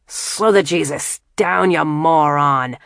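A woman voicing a brutal drunken older man, shouting and taunting in a loud, raised voice. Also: deep voice, drawn-out words, creaky, dry recording, studio quality, heavily acted. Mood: jeering, shouting.

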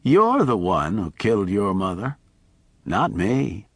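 A man voicing an elegant, silver-haired older man who speaks calmly and kindly. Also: fairly low pitch, takes it slowly, slightly rough, no echo, clean studio sound, full character voice. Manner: calm, gently explaining.

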